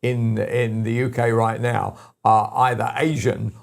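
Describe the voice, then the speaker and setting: An older man hosting a talk radio show, telling rambling stories with lots of restarts and animated asides. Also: lowish voice, measured pace, gravelly. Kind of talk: casual talk radio chat.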